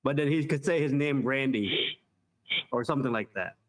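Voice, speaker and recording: A man's voice: medium pitch, normal speed, rough recording. A man in casual chat, teasing and laughing along.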